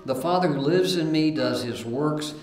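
A man's voice: on the high side, moderate pace, a little mellow. A man preaching a sermon, reading scripture aloud between plain remarks, with fillers and repeated starts. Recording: roomy echo.

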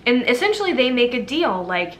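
A woman's voice: on the high side, big pitch swings, brisk. Chatty young woman vlogger. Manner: chatty, lots of "like" and "um" fillers. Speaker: movie review vlogger. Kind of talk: casual storytelling review.

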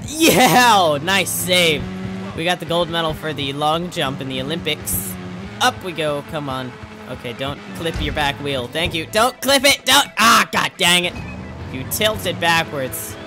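A young man giving let's play commentary, joking and talking back to himself as he plays. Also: a little high. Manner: goofy, talks to himself in jokey banter. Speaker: gaming YouTuber. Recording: music playing behind the voice.

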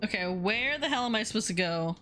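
A woman streamer giving casual, profane, excitable commentary while playing a video game. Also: mid-range voice, a little fast, a little hiss or hum.

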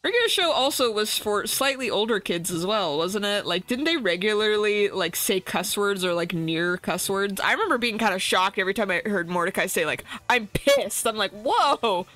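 A woman's voice: medium pitch, lively intonation, brisk, few pauses, fairly bright tone, faint music behind. A woman streaming while she draws, chatting casually, laughing and swearing now and then into a desk mic without a pop filter. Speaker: art streamer. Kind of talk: casual chat while drawing.

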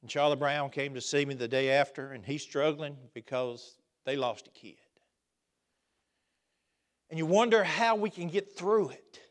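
A man preaching a sermon in a church, swinging between loud emphatic outbursts and quiet asides. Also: fairly high pitch, unhurried. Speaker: pastor. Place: church sanctuary.

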